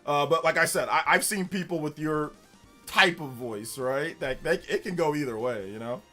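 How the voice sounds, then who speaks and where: A man's voice: on the high side, normal speed, bright, forceful tone, soft background music. A man from California hosting a casual live stream, chatting with viewers in an upbeat, elevated presentation voice and laughing often. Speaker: streamer hosting a live gaming news show.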